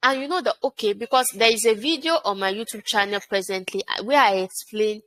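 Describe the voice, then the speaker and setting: A woman gives a motivational public speaking lesson at a mid-range pitch. She hammers her points home through repetition and asks her listeners rhetorical questions, then answers them herself. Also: brisk, a bit bright. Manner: emphatic, repeats phrases and asks rhetorical questions. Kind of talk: motivational teaching talk.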